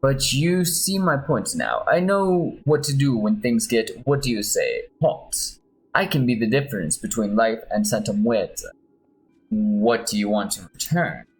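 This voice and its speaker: A man voicing a charming middle-aged male mercenary with a put-on Spanish accent and smooth, persuasive talk. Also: mid-range voice, lively intonation, unhurried, soft background music.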